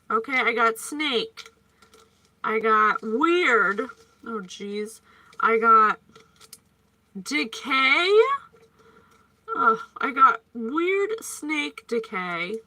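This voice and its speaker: A woman's voice: a little high, pushed and bright. A woman giving a chatty psychic reading, playful and prone to tangents. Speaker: psychic reader. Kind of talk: casual psychic reading monologue.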